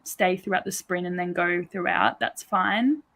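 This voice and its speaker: Relaxed woman hosting a reading stream. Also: lowish voice, a little slow, gravelly. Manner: relaxed, laughs often, trailing fillers. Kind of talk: casual chat on a live reading sprint.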